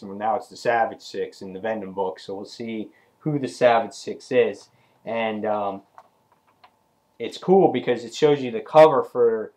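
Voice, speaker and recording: A man's voice: medium pitch, a little mellow. A man reviewing a comic book issue in a casual, rambling retelling full of fillers like "um" and "you know".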